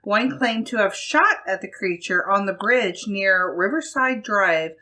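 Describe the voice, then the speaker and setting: A woman's voice: medium pitch, expressive, unhurried, sharp tone. A woman co-hosting a casual podcast, reading a news article aloud and laughing often. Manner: giggly, reads articles aloud. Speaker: podcast co-host.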